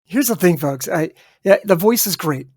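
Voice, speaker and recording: A man's voice: high voice, expressive, moderate pace, darkish tone, breathy edge, dry recording, clean studio sound. A man co-hosting a podcast in casual chat, emphatic and addressing listeners directly. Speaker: podcast co-host.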